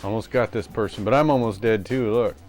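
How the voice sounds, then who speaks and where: A man streaming a game, who reacts loudly and excitedly to the game and the chat. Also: on the low side, a little fast, faint music behind.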